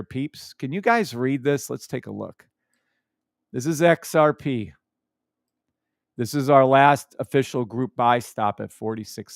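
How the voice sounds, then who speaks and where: A man's voice: mid-range voice, clean tone, no echo, studio quality. A man hosting a live trading stream, explaining charts in a hyped, teasing chat with his viewers and humming along.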